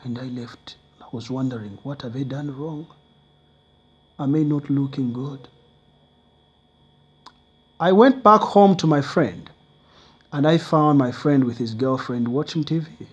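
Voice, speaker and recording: A man's voice: medium pitch, measured pace, pauses often, husky. A man telling a motivational personal story in earnest, simple phrasing.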